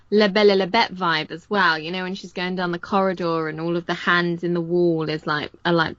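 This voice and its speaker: A woman in casual podcast chat with a slightly low voice. She talks in a measured, musing way, searching for her words. The recording is dry and a bit dull, like a lo-fi remote call. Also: a bit bright, no room sound.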